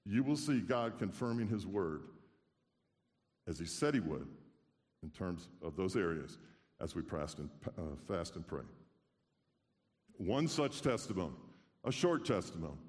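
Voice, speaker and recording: A male pastor speaks in an easygoing, conversational sermon style with wry asides. His voice sits a little low. Long reverb from the church hall trails each phrase. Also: a little slow, long pauses, slightly rough. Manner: relaxed, conversational, dry humor. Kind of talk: informal sermon. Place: church sanctuary.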